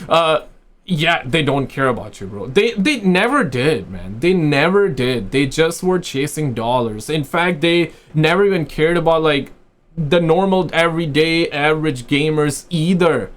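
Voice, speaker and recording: Dude ranting about game news, bro every other word, kinda high voice, mocking and exasperated. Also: male voice, unhurried. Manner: animated, slangy, says "bro" constantly. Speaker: gaming commentator. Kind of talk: reaction commentary.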